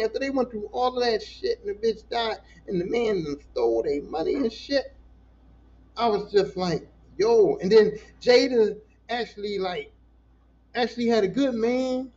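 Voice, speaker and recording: A man hosting a casual solo podcast, telling stories in an animated, profane, emotional way. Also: extremely high pitch, normal speed, dull audio. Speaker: podcast host.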